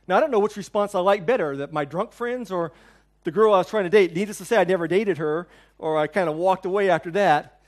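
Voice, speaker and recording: A man preaches with a fairly high voice, telling a personal story in an earnest, conversational way. He often dips into hushed, near-whispered phrases for emphasis before lifting his voice again. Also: fast talker. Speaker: pastor. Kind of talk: sermon. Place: church hall before a congregation.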